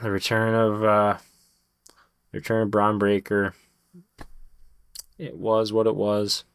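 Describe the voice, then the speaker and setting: A man's voice: lowish voice, flat delivery, measured pace, smooth, dry recording, clean studio sound. A man reviewing a wrestling show in a casual vlog, rambling, swearing freely and restarting his sentences often. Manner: rambling, profane, frequent restarts.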